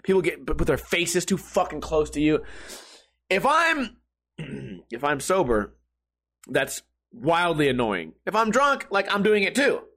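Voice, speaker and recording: A man's voice: on the high side, measured pace. A man telling a funny story casually, swearing a lot and laughing often. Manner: profane, animated, laughs often.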